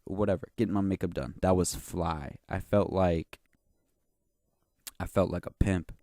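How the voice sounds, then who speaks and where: In a casual solo rant on his podcast, a young man brags through a slangy, profane story that wanders and keeps looping back to "you know what I'm saying." He speaks a little slowly in a low, steady, warm voice, captured as clean studio sound without any room sound.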